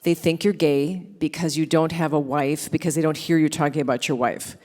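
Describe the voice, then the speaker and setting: A woman radio host talks candidly to a live audience, poking fun at herself and bursting into others' lines as she retells them. Her voice sits a little low. A long hall reverb trails every word. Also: normal speed. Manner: candid, self-deprecating, quoting others in lively bursts. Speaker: radio host and author speaking at a forum. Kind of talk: storytelling talk with audience Q&A.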